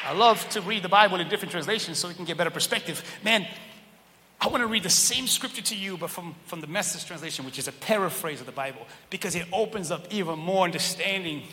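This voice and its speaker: High bright guy preaching, jokey and lively, big echoey church hall. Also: quick pace. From Cape Verdean heritage. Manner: animated, joking, pulls the crowd in with questions. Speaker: pastor. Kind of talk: sermon. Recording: long church hall reverb, faint room noise.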